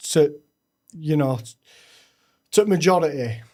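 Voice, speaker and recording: A young man, a podcast guest telling his own story frankly, with halting restarts. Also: a little high, mellow. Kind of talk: candid personal storytelling.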